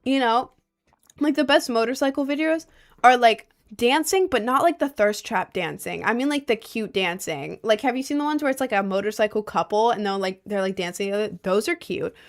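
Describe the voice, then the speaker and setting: A young woman chats casually on a livestream, reading her viewers' messages and rambling animatedly with plenty of "like" and laughter. Her voice is slightly high and her pace fairly quick.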